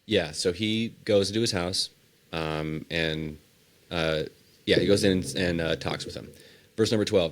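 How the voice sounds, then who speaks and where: A man's voice: deep voice, measured pace. A man co-hosting a comedy podcast, reading scripture aloud between casual banter. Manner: laid-back, reads verses aloud. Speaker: podcast co-host.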